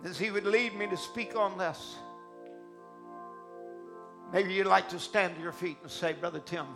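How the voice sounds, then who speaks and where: A man preacher delivering an emphatic, deliberate sermon in a church. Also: sits high, steady tone, vocal fry, music in the background. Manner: emphatic, slow and deliberate, swinging between soft and loud.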